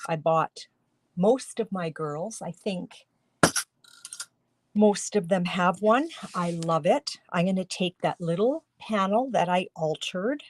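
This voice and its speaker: A woman's voice: lowish voice, slow pace, slight background noise. A middle-aged woman demonstrating card making on a live stream, chatty and talking viewers through each step, with a tickle in her throat. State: throat tickle, coughing now and then. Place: home craft studio.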